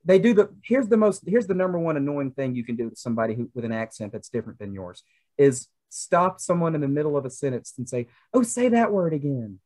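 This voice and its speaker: A man's voice: medium pitch, very animated, quick pace, darkish tone. Young man, Southern accent, casual podcast chat, rambling. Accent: Southern American. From American South. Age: young adult. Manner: chatty, rambling with many fillers. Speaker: podcast co-host.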